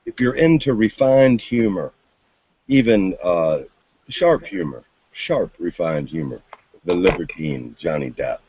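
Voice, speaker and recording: A man's voice: deep voice, expressive, measured pace, background noise. A man in casual chat with friends, playful and jokingly polite, with a mock-pious turn of phrase. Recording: dull lo-fi dry recording.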